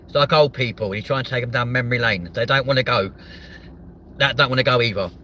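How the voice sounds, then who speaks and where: A young man hosting a live comedy stream from a car, sweary and mocking, jumping from loud outbursts to muttered asides. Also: medium pitch, quick pace, a little hiss or hum. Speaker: host of a live stream show. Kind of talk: crude comedic live chat.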